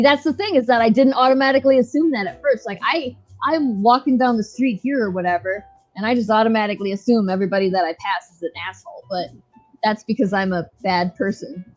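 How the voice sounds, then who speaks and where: A woman's voice: medium pitch, a little mellow. Chatty woman hosting a talk. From United States. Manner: chatty, laughing, swears freely. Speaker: host. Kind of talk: casual online chat. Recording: dull lo-fi sound, faint music.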